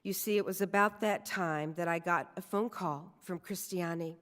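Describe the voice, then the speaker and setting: A woman giving a personal storytelling sermon at a church service, speaking in a deliberate, reflective way. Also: on the low side, fairly even intonation, a bit bright. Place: church sanctuary. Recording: long reverb of a church hall.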